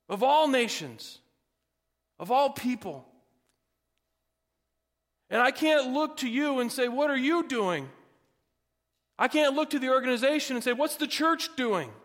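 A man's voice: extremely high pitch, a bit bright, long reverb tail. A man pastor delivering a sermon with folksy asides, building to emphatic, rising passages.

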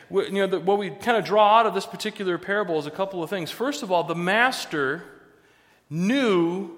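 A man with a fairly high voice preaches a sermon, talking to the congregation in a relaxed, conversational way and slipping in wry jokes. His voice rings with the long reverb of a large hall. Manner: conversational with joking asides. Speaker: pastor.

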